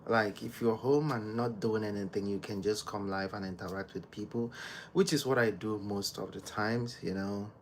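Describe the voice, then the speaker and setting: A Nigerian-born man hosting a casual live stream from home, greeting viewers by name and chatting with them in a soft, unhurried way. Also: on the low side, steady tone, a little hiss or hum. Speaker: livestream host.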